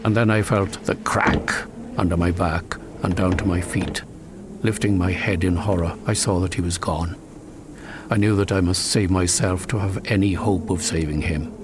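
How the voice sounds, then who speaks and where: A man narrating a suspenseful first-person story in a measured, dramatic way, breaking into sharp cries at tense moments. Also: low-pitched, steady tone, background noise. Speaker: audiobook narrator.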